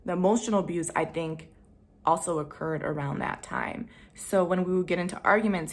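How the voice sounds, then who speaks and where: A young woman vlogger telling a personal story to camera, candid and slangy, swinging between loud emphasis and hushed asides. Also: on the low side, normal speed. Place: home room.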